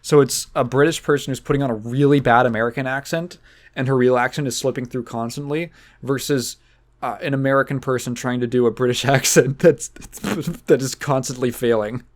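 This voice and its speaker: A man's voice: medium pitch, fairly even intonation, a little fast. A young man hosting a casual podcast, rambling loosely with lots of fillers and the odd curse. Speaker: podcast host. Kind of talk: casual chat.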